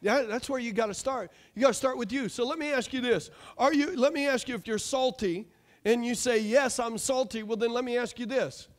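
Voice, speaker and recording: A man pastor preaching a lively sermon with rhetorical questions, asides and jokes to his congregation. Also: very high voice, a little fast.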